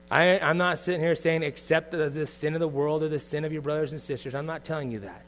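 A man's voice: on the high side, steady tone, fast, hardly any pauses. Earnest male pastor with faint hum. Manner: earnest, confessional, shifts from soft to loud bursts. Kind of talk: sermon.

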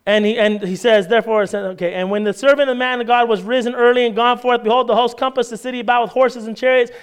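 High-voiced, smooth male preacher. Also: fast. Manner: animated storytelling, acts out the characters' voices. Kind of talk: sermon.

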